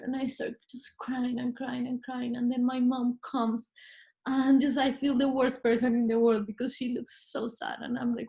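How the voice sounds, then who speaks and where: Woman guest with a slightly high voice, animated first-person storytelling. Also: normal speed, creaky. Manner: animated, acts out her own past words. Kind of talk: casual conversational storytelling.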